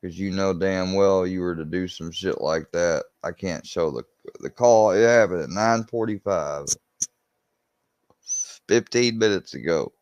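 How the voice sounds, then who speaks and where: A man's voice: deep voice, unhurried, darkish tone, no echo, dull audio. A young man, a YouTuber ranting to his viewers, agitated and swearing as he repeats himself. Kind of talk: venting rant to camera.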